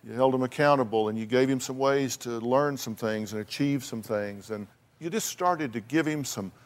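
A man's voice: mid-range voice, normal speed. A man hosting a talk show who counsels his guests bluntly, speaking emphatically, repeating his words and using folksy phrases. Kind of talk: confrontational on-stage counseling.

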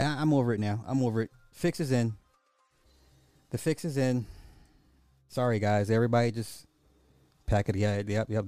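A man's voice: fairly low pitch, warm tone, no room sound. A man hosting a commentary podcast, reacting to clips with sarcastic, resigned asides in a casual, repetitive way. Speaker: podcast host. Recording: dry close mic with faint music behind.

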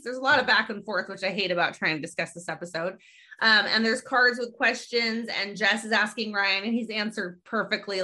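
A woman hosting a casual podcast chat, retelling a sitcom episode in a lively storytelling way with quick asides. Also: mid-range voice. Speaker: podcast host.

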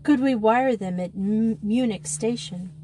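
A woman's voice: fairly high pitch, unhurried, a little hiss or hum, natural voice, rough recording. A woman voicing a kind, reassuring young headmistress. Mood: gentle. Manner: gentle, reassuring. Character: kind young headmistress, gentle but firm.

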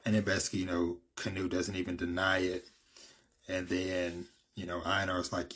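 A man's voice: deep voice, level tone, moderate pace, fairly bright tone, breathy edge. A man casually recapping a story, rambling with lots of fillers. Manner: rambling, many fillers like "you know" and "basically". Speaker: manga recap vlogger.

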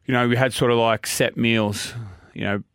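A man's voice: mid-range voice, steady tone, moderate pace, fairly bright tone, smooth, no echo, clean studio sound. A young Australian man chatting casually, rambling and joking with lots of fillers. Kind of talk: casual chat.

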